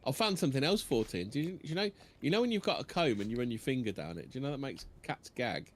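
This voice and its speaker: A man, co-hosting a casual chat podcast, animated and quick to jump in. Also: mid-range voice. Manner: animated, chatty, quick to interject. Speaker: podcast co-host.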